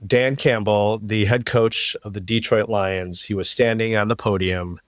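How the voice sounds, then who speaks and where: Podcast co-host, male, lowish voice, chatty and animated, close dry mic. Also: a little slow, dry recording. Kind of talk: casual chat.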